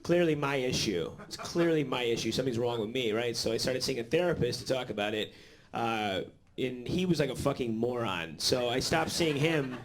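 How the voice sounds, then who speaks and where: A man's voice: medium pitch, moderate pace. A man performing a live stand-up set in a comedy club, rambling with lots of fillers and swearing.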